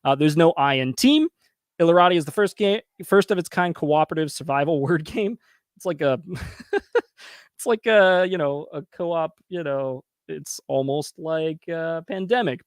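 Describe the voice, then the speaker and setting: A man in his thirties hosting a casual review show, chatty and quick to laugh, talking straight to his viewers. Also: a little high, no room sound, clean studio sound. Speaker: host reviewing crowdfunding pages. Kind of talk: casual commentary.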